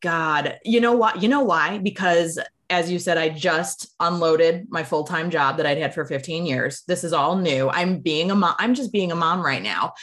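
Woman podcast cohost, low voice, candid reflective chat. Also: normal speed, few pauses, fairly bright tone. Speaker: podcast co-host. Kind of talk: casual chat.

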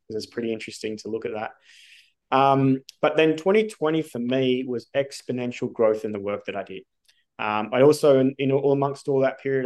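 An Australian man telling his story as a podcast guest, animated and casual, with lots of swearing and fillers. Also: mid-range voice.

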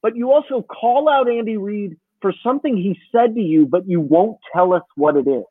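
Podcast co-host, man, opinionated and profane, husky voice on a tinny phone-like line. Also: high-pitched, lively intonation, moderate pace, dry recording. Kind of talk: casual sports podcast chat.

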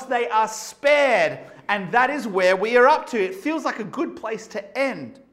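High-voiced man preaching conversationally. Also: fairly bright tone. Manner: conversational, asks the listeners rhetorical questions. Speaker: pastor. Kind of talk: sermon to an online congregation.

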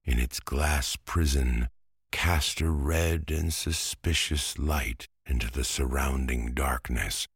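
A man narrating a classic novel as a bedtime story, soft and lulling. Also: very deep voice, vocal fry, breathy edge, dry recording, clean studio sound.

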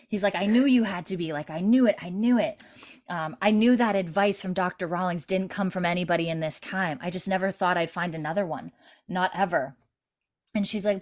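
A woman's voice: lowish voice, fairly quick. A woman casually recapping a TV episode with a co-host, rambling with lots of fillers and quoting the characters' lines. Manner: rambling, filler-heavy retelling with quoted lines. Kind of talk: casual chat.

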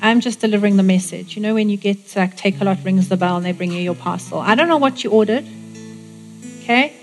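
A woman preaching in a church and declaring blessings in a steady mid-range voice. She speaks emphatically and repeats her phrases. Faint guitar plays softly behind her. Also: medium pitch, quick pace. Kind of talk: sermon with prayer and blessing.

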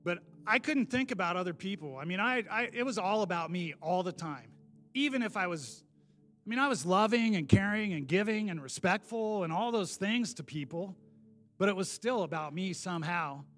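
A man shares his own testimony from the pulpit at normal speed in a high-pitched voice, over soft background music. He's animated and pokes fun at himself, laughing and lurching from loud outbursts to quiet asides.

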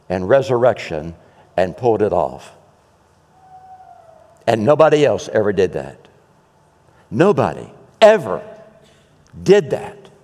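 A man preaching slowly and deliberately, leaning on repeated words and long pauses. His voice swings up and down, pitched a little high for a man. It rings with the long reverb of a big hall. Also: darkish tone. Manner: emphatic, dramatic repetition and pauses. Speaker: pastor. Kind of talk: sermon.

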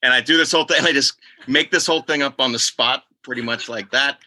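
Older man, bright dry voice, storytelling. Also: medium pitch, fast talker, dry recording, poor audio. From Boston. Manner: animated storyteller, slips into voices. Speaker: podcast guest. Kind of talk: casual storytelling chat.

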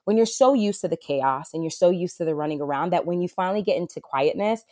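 Speaking quickly and with animation, a woman with a fairly low, darkish voice describes her work as a wilderness therapist for adolescent boys. The interview is conversational, her manner heartfelt and earnest with frequent fillers, and the studio audio is clean with no room sound.

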